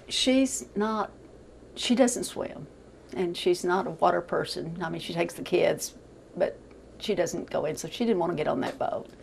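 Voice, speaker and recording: An older woman speaks in a gravelly, creaky voice, recounting events haltingly with repeated words. She is being interviewed for the news. A faint hiss of noise sits underneath her. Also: on the low side, poor audio.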